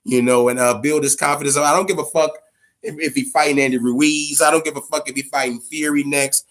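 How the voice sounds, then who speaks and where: A man rambles through his boxing opinions in a loose, profane way, hammering his points home by saying them again. His voice sits a little higher than most men's. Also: fairly even intonation, brisk, a bit bright. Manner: profane, emphatic, repeats himself. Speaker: boxing podcast host. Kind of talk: casual opinionated commentary.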